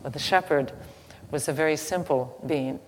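A woman giving a slow, halting devotional teaching with a story, soft-spoken, recorded in an echoey hall with faint ambient noise. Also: deep voice. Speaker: spiritual teacher.

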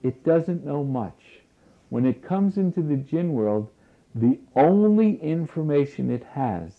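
A man giving a spiritual lecture in a slow, deliberate way, repeating key phrases for weight. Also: medium pitch. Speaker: spiritual teacher. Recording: tinny phone-like lo-fi recording.

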